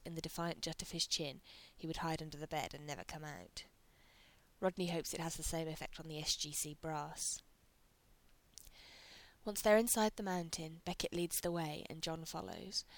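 A woman narrating a story aloud, reading with light character voices. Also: deep voice. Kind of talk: reading fan fiction aloud.

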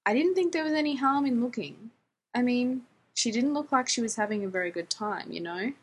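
A woman's voice: a little high, animated, fairly quick, slight background noise, pitched above the performer's own voice, natural voice. Woman reading a sheepish, rambling young man. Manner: rambling, casual slangy talk.

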